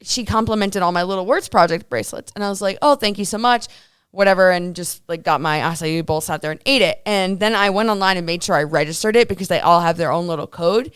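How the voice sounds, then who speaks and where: Smooth-voiced woman telling a lively story. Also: fairly low pitch, fast, no echo, clean studio sound. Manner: animated storyteller acting out quoted dialogue. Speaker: co-host. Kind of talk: casual live-stream chat. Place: hotel room.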